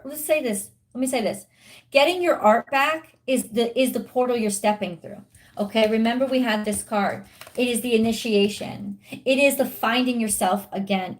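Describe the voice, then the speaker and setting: A woman giving a live-streamed tarot reading, chatty with viewers, frustrated and swearing openly about her internet. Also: a little high.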